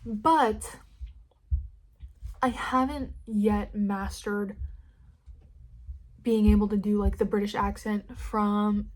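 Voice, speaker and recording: Young woman, Californian American accent, solo podcast host, casual and candid, sweary, rambling, loud-to-soft swings. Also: mid-range voice, flat delivery, a little slow, long pauses.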